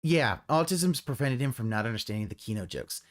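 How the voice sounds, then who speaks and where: Sarcastic, lively-voiced streamer reacting. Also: medium pitch, brisk. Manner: sarcastic, swears freely, trails off and restarts often. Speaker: live streamer reacting to a video. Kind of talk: casual reaction commentary.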